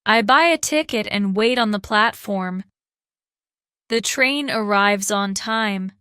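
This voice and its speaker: Woman podcast host, slow careful lesson narration, bright and clear, dry close sound. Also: mid-range voice, no room sound. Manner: slow, careful, evenly spaced sentences. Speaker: podcast host and English teacher.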